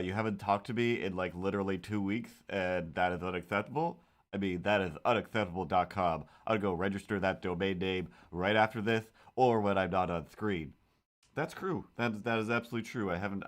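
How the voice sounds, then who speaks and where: A man chatting casually on a live stream while drawing comics, rambling and joking and tripping over his own words, into a desk microphone. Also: fairly low pitch. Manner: rambling, self-interrupting, jokey.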